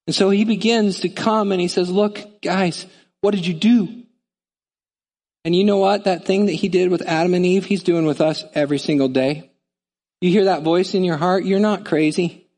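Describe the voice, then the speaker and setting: Animated preacher man, slightly high voice. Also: fairly quick, long reverb tail. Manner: animated, conversational, acts out voices. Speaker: pastor. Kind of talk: sermon.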